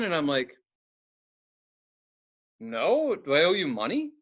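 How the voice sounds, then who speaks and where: A man's voice: sits high, big pitch swings, normal speed, pauses often, fairly bright tone. A man on a podcast telling a rowdy story in casual chat, swearing freely and acting out the voices in his quotes. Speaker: podcast co-host.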